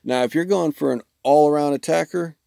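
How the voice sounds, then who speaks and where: A man's voice: a little high, a little fast, creaky, mellow, no room sound, studio quality. A man live-streaming a mobile game, rambling through his setup and joking with friends on a voice call. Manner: rambling, jokey, talks to chat and friends. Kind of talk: casual gameplay commentary.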